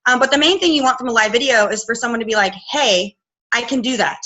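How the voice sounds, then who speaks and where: A woman's voice: a little high, fast talker, sharp tone, poor audio. A woman coach in her thirties giving a casual talk on a video call, chatty and full of fillers. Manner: chatty, filler-heavy, quoting herself. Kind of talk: casual live training talk.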